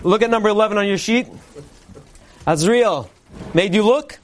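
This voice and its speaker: A man delivering a parody Purim sermon, a mock-earnest preacher cadence and deadpan punchlines. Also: high voice, normal speed, a little hiss or hum. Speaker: comedian delivering a mock Purim Torah speech.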